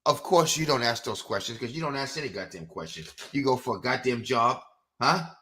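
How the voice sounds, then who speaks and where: A middle-aged man hosting a live boxing podcast, ranting with fiery, profane outbursts that drop into low mutters. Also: expressive, brisk, pushed and bright, a little hiss or hum. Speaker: podcast host. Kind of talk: live-stream boxing rant.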